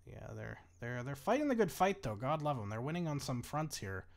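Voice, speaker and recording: A man's voice: medium pitch, sing-song, fairly quick. A man casually commentating a strategy game he is watching, chatty and bemused, swearing freely and laughing often. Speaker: gaming YouTuber. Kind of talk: casual let's-play commentary.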